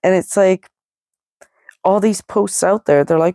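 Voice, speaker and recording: A middle-aged woman telling stories on her own podcast in a loose, rambling way, with "like" dropped in everywhere. Her voice has a gravelly, fry-laced edge. The sound is dry and close, with no room around it. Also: on the low side, a little slow, warm tone, dry recording. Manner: rambling and chatty, full of "like" and fillers; laughs lightly at herself. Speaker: podcast host. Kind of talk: casual solo podcast storytelling.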